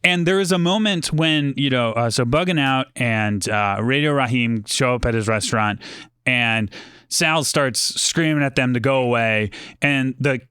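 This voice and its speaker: A man's voice: mid-range voice, normal speed, sharp tone, smooth, no room sound, studio quality. A man talking casually about a film, rambling with lots of fillers and restarts. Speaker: podcast guest. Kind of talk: casual movie discussion.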